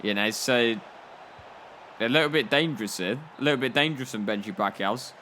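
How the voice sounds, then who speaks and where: A man's voice: medium pitch, brisk, bright, forceful tone, slight background noise. A young man commenting on his football game, spinning rambling, jokey stories full of "like". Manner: rambling, jokey storytelling with frequent "like". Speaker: gaming YouTuber. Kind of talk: comedic gameplay commentary.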